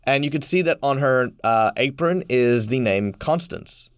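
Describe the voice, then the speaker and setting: Game master, Australian man, mid-pitched, halting filler-heavy delivery, dry close mic. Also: animated, smooth, no echo. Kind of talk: narrating a tabletop game.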